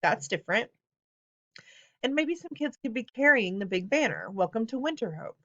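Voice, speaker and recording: A woman reads out a young boy in charge of a school choir, earnest and bossy in a storybook reading. His voice sits a touch higher than the narration and turns commanding. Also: very animated, normal speed, bright, forceful tone, dull audio, exaggerated voice. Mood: eager. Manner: pleading then commanding.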